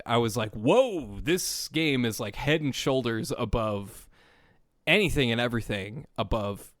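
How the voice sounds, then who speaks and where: A man's voice: mid-range voice, a bit bright, dry recording, studio quality. A man co-hosting a gaming podcast, talking in a casual, rambling way full of "like" fillers. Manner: rambling, heavy use of "like" fillers. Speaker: podcast co-host. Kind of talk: casual chat.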